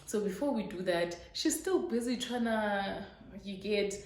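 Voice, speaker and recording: A woman's voice: mid-range voice, unhurried, a little hiss or hum. A young woman vlogger telling a story frankly and dramatically. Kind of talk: storytime vlog. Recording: echoey room.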